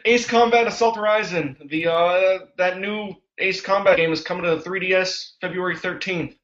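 A man with a fairly high voice chats about game news in a laid-back, wry way. The recording sounds dull and lo-fi. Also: steady tone, moderate pace, a bit bright, reverberant. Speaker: podcast co-host. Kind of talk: casual gaming chat. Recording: dull lo-fi audio.

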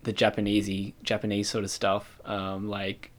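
A man co-hosting a podcast, talking in a relaxed, rambling way with plenty of fillers. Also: on the low side, moderate pace. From Australia. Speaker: podcast co-host. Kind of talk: casual chat.

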